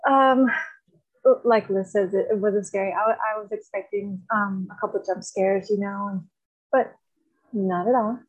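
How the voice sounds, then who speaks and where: A woman's voice: medium pitch, steady tone, a little slow, poor audio. A woman guest with a mid-range voice speaks in a casual movie chat. Her answers are brief and a little hesitant. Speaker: podcast guest.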